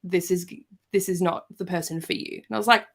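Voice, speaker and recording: Animated woman telling a personal story. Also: on the low side, fairly quick. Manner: animated, acts out quoted voices. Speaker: podcast guest. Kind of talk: casual storytelling.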